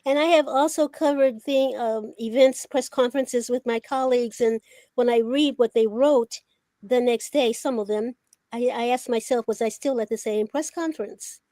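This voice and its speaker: Woman, older, high voice, animated storyteller, acts out quotes, dry close sound. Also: normal speed, no echo. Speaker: veteran journalist, talk show guest. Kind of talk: casual storytelling.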